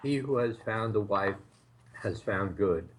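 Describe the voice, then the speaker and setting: A man's voice: on the low side, unhurried, slight background noise, poor audio. A man taking part in a class, reading verses aloud and adding dry quips.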